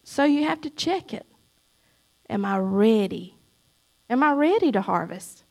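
Church lady giving her testimony, high voice, preachy, gets loud then quiet. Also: animated, a little slow, vocal fry. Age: middle-aged. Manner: emphatic, preachy, swings between loud cries and soft asides.

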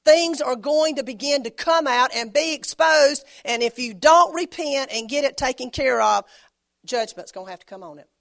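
A woman from the United States preaching a prophetic sermon, fervent and exhorting, swinging between soft and loud. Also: sits high, lively intonation, normal speed, vocal fry, dry recording, studio quality.

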